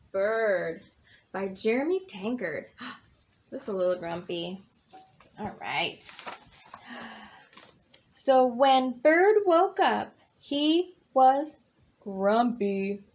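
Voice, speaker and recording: A woman reading a picture book aloud for children, counting along and gasping with animated emphasis. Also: fairly high pitch. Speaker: children's librarian. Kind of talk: children's storytime read-aloud.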